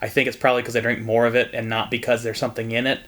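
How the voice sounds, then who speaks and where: A man's voice: medium pitch, level tone, very fast, fairly bright tone. A young man from Southern Indiana giving a frank, joking whiskey tasting review, with the odd curse.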